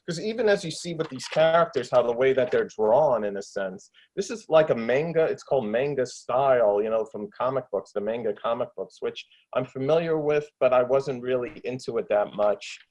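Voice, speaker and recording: A man's voice: mid-range voice, expressive, moderate pace, hardly any pauses, a little mellow, poor audio. A man, an actor and filmmaker, talking enthusiastically in a casual interview from home, with many fillers and restarts. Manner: enthusiastic, rambling, lots of fillers. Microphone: desktop USB microphone with pop shield.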